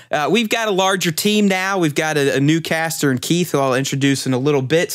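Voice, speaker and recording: A man hosting a casual gaming podcast from home on a headset mic, loose and a little profane, who slips into a playful radio voice for the intro. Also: a little high. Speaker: podcast host. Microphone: headphones and mic at home.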